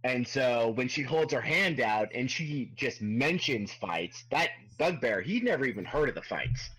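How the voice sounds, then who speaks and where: Animated, breathy-voiced man at the table. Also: medium pitch, measured pace, low-quality recording. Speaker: player. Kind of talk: casual tabletop role-play.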